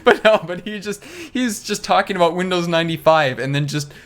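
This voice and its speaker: A man's voice: high-pitched, brisk, a bit bright. A man co-hosting a podcast in casual chat, rambling with lots of fillers and laughing often. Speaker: podcast co-host.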